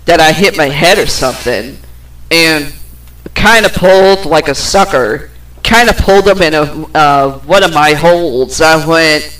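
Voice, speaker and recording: In a low-quality recording, a woman with a deep, fairly bright voice takes her time recounting something from her own life on her podcast. She rambles, curses freely, and peppers her talk with fillers and laughter.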